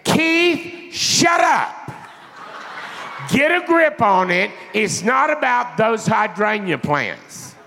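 Guy putting on his fed up buddy, yelling high and impatient, echoey church. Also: huge pitch swings, extremely slow, creaky, few pauses, slight background noise, heavily acted. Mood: shouting. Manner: shouting, impatient. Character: blunt exasperated male friend.

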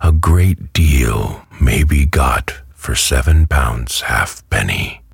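A man narrating a classic novel as a bedtime story in a calm, soothing way. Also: rumbling low, slow, creaky, slightly rough, dry recording, clean studio sound. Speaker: audiobook narrator.

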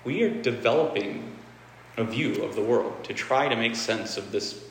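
A man's voice: medium pitch, moderate pace, slight background noise. A man giving a casual, candid dharma talk, swearing freely and repeating phrases for emphasis. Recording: echoey hall with faint ambience.

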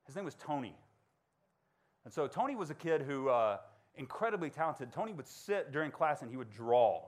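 Male speaker, 40s, school talk, animated and conversational, acts out voices. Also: a little high, normal speed. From Georgia. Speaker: motivational speaker. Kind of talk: storytelling talk to students.

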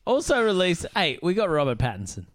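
Man, podcast host, casual chat, animated storyteller, middle-aged. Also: brisk, dry recording. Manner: animated storyteller, jumps into high voices for quoted people.

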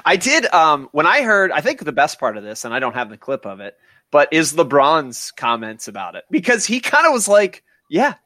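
A man's voice: a little high, wildly swooping pitch, normal speed, bright, forceful tone, no room sound. A man hosting a podcast in casual, profane, rambling chat. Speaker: podcast host.

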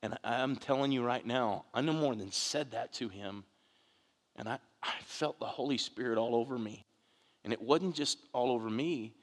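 A man's voice: mid-range voice, normal speed. Earnest male pastor in echoing hall. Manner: earnest storytelling, frequent restarts and "you know". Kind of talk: conversational sermon. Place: church sanctuary. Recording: long hall reverb.

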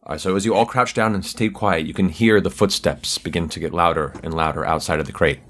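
A man narrating a tabletop game as game master, describing the scene in a measured way. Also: deep voice, fairly even intonation, a bit bright.

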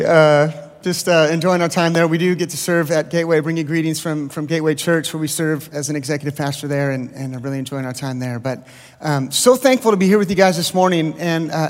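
A man in his thirties, a guest pastor, opens a sermon with chatty, self-deprecating stories full of fillers, speaking from a church stage. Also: a little high. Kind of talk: sermon introduction, casual storytelling. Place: large church auditorium. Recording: long hall reverb.

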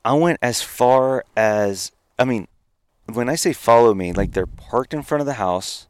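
A man, a podcast guest, casually telling a long, animated story and laughing at his own misadventure. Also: mid-range voice, unhurried, clear, resonant tone, no echo. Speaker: podcast guest, company founder.

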